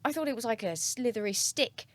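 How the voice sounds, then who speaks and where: A woman guest on a podcast who tells stories in a casual, animated way, swearing freely and trailing off mid-sentence. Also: fairly high pitch, fairly quick, no room sound. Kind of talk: casual storytelling.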